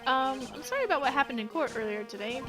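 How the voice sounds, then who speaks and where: A woman's voice: high voice, animated, fast talker. A woman reading the lines of an earnest young male lawyer in a game, with music behind.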